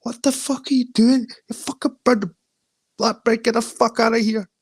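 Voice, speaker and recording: A man doing a squeaky, high-pitched impression of an angry man yelling at someone, in a botched English accent. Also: steady tone, moderate pace, husky, dry recording, clean studio sound. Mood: outraged. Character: shouting angry man scolding over burnt bread.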